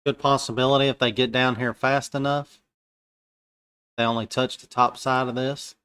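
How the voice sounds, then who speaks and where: A man talking through his futures trades live as they happen. His speech is loose and colloquial, full of slang, and he thinks aloud in a relaxed, conversational way at an ordinary pitch. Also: normal speed, clear, resonant tone. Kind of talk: live trading commentary.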